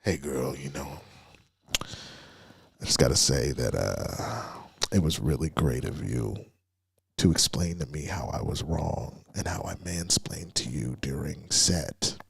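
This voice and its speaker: A man voicing a creepy, overly apologetic guy leaving late-night messages, in a low, breathy half-whisper as a whispered role-play. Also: expressive, slow pace, fairly bright tone, dry recording, heavily acted.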